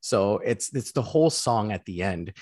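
A young man hosting a casual film review chat, lively and quick to laugh. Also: on the low side, a little hiss or hum. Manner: laughs often, lively and chatty. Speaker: film review show host.

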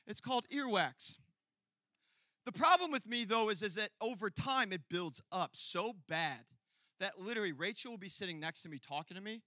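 A male pastor preaching a sermon, telling a personal story and building from quiet asides to loud, emphatic peaks. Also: high-pitched, lively intonation, normal speed, dry recording.

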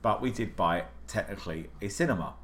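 A British man co-hosting a podcast, chatting casually and telling a story with lively acted quotes. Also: a little fast, slight background noise. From Britain. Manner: animated storytelling, jumps high on acted quotes. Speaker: podcast co-host. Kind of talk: casual chat.

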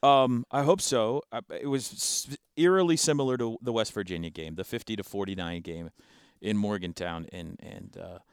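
A man's voice: lowish voice, moderate pace, gravelly, clear, resonant tone, dry recording, studio quality. A man hosting a sports talk show, chatting casually and animatedly about a football game, laughing often and restarting his sentences.

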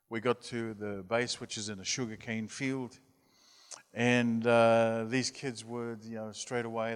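A man preaching as a youth mission leader, telling an anecdote in a chatty way and acting out voices. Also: on the low side. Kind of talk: storytelling sermon. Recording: long hall reverb.

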